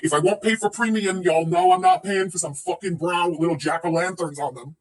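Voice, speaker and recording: Reacting to another streamer on her casual livestream, this woman in her thirties is sarcastic, profane, and quick to laugh. She speaks briskly in a lowish voice, somewhat distant from the microphone.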